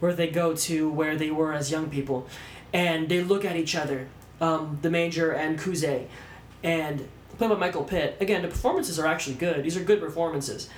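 A fairly high-voiced man rants about a film in a casual podcast chat, cursing freely and breaking into exaggerated mock voices. The room rings with echo, and a faint hiss sits underneath. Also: moderate pace. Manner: animated, swearing, acts out lines in mocking voices. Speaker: podcast co-host. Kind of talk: casual ranting movie review. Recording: echoey room with faint background noise.

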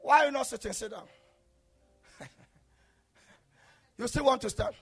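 A male preacher delivering an impassioned sermon, swinging between shouted declarations and low murmurs. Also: measured pace, husky, faint music behind.

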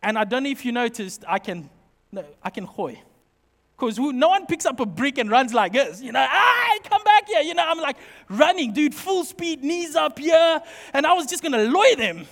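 A middle-aged man preaching a sermon, telling funny personal stories in an animated, joking way. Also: extremely high pitch, moderate pace. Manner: humorous, animated storytelling. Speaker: pastor. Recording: long reverb of a hall.

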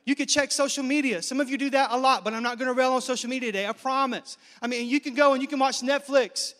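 A man in his thirties from Nigeria, a pastor preaching a lively, joking sermon to a live congregation. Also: extremely high pitch, fast. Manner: lively, joking, engages the crowd. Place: large hall with live congregation. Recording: reverberant church hall.

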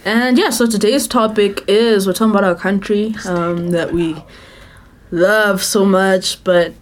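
A woman from Malawi hosting a casual podcast chat in a music studio lounge, playful and quick to laugh. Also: mid-range voice, steady tone. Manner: giggly, playful, chatty. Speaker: podcast host.

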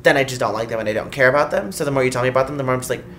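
Fast-talking casual podcast co-host. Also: mid-range voice, a bit bright, slight background noise. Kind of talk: casual chat.

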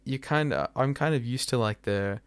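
A man's voice: mid-range voice, clear, resonant tone, no echo. Australian man hosting a casual podcast. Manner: halting, restarts often. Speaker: podcast host.

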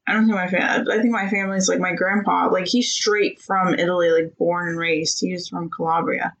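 A woman chatting casually with her husband, talkative, with many "like" fillers and quick laughs. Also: lowish voice, level tone, fairly bright tone, poor audio. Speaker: co-host talking with her husband. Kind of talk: casual chat.

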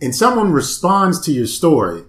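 A man's voice: on the high side, huge pitch swings, moderate pace, a bit bright, echoey room. A man co-hosting a casual chat, explaining things in a patient, matter-of-fact way. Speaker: podcast co-host.

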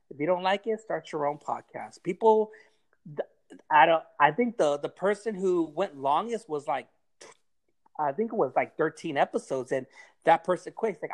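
A man's voice: on the high side, lively intonation, moderate pace. A man on a podcast giving a blunt, heavily profane pep talk in casual chat. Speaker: podcast guest giving advice.

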